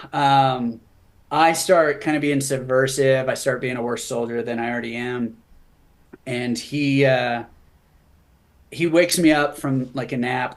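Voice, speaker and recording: A man speaking as an interview guest, telling a personal story in a candid, earnest way with touches of humor. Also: mid-range voice. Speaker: guest, veteran author. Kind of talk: conversational storytelling.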